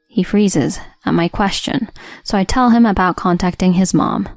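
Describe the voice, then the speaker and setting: A woman narrating a first-person story in a cold, steady, matter-of-fact way. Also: fairly low pitch, moderate pace, no room sound. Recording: dry studio voice-over with soft music.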